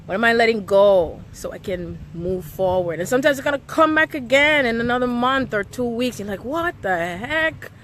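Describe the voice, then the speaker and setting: A woman's voice: on the high side, fairly quick, few pauses, fairly bright tone, a little hiss or hum. A woman giving an emotional live-streamed spiritual reading, often checking in with "okay?". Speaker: spiritual reader.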